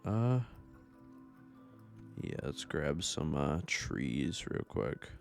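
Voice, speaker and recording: A young man with a very deep, low voice chats loosely over his gameplay, swearing freely and drifting between thoughts. Faint game music plays underneath. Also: sing-song, very slow, vocal fry. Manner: rambling, profane, laid-back, laughs often. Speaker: gaming YouTuber. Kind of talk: casual gameplay commentary.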